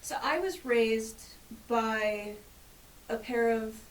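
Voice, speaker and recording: A woman's voice: fairly high pitch, slow, recorded from a distance. Eager woman in an echoey room. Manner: eager and chatty, with bursts of enthusiasm. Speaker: guest from a pagan association. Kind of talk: casual radio chat. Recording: echoey room, somewhat off-mic, faint hiss.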